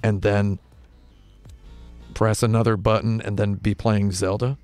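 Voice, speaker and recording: A man hosting a casual interview in a small studio, deadpan and rambling, with music behind. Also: on the low side, measured pace. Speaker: host.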